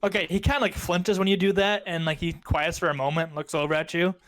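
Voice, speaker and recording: Hesitant male game master, fairly high voice. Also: flat delivery, fast talker, a bit bright. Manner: hesitant, full of ums and likes. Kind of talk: narrating a tabletop game.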